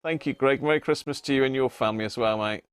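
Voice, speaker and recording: A man's voice: mid-range voice, quick pace, smooth, no room sound. Chatty man hosting a livestream. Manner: chatty, laughs often, greets viewers by name. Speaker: livestream host. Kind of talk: casual live chat reading viewer messages.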